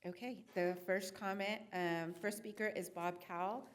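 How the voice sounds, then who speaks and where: A woman's voice: mid-range voice, steady tone, normal speed, a little hiss or hum. A woman city clerk presenting a staff report at a council meeting, hesitant and full of filler sounds.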